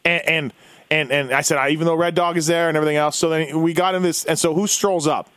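A man's voice: a little high, fairly even intonation, fast, a bit bright, smooth, no echo. A man co-hosting a casual motorsports podcast, telling a long rambling story and acting out what people said. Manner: rambling storyteller, acts out quotes. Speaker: podcast co-host. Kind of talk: casual chat.

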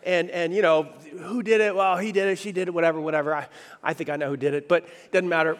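Speaking quickly in a high voice, a middle-aged pastor tells a funny personal story during a sermon. He's animated and conversational, often putting questions to the audience, and the hall around him is reverberant.

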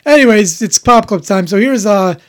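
A man's voice: high voice, animated, moderate pace. Rambling, opinionated male podcast host. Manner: rambling, opinionated, self-interrupting. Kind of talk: casual chat.

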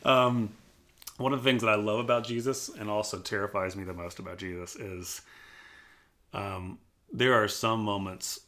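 A man's voice: lowish voice, fairly even intonation, moderate pace, sharp tone. A man who is a pastor from Colorado, telling his personal faith story in an earnest, reflective way and acting out quotes with energy. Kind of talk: personal testimony in a church podcast interview.

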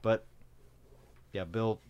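A man co-hosting a podcast, recapping a TV episode in relaxed casual chat, often restarting his sentences. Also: fairly low pitch, drawn-out words, clean tone, muffled recording. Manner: relaxed, stumbles and restarts, quotes lines. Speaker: podcast co-host.

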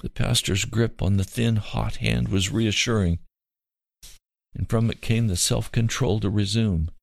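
A man narrates a story in an earnest, measured tone. His voice is low and gravelly, and the recording is dry and close to the mic. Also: steady tone, dry recording. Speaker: reader.

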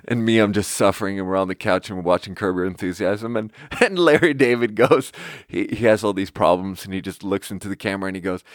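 A man with a fairly low voice hosts his own podcast alone. He rambles loosely, pokes fun at himself and laughs easily. The sound is close and dry, with no room echo. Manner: rambling, self-deprecating, quick to laugh. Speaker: podcast host. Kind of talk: casual solo podcast monologue.

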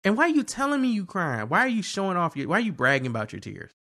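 A man co-hosting a podcast, ranting in a loose, profane, animated way during casual chat. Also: high-pitched, quick pace. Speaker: podcast co-host.

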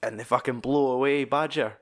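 A man's voice: mid-range voice, steady tone, fairly quick, a bit bright. A Scottish man in casual film-discussion chat, swearing freely as he retells scenes with animation.

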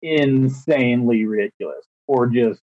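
Husky man rambling on a lo-fi mic. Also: mid-range voice, a little slow, no echo. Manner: rambling, lots of fillers. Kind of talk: casual movie chat.

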